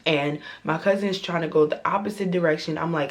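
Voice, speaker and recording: A young woman vlogger telling a storytime tale in a dramatic, profane, animated way. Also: sits low, moderate pace, few pauses. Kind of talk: storytime vlog.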